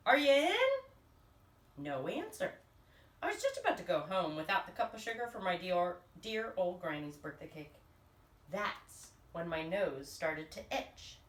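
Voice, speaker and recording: A woman's voice: fairly low pitch, echoey room, far from the mic. A woman reading a picture book aloud to children in a playful, exaggerated storybook manner. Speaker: storytime reader.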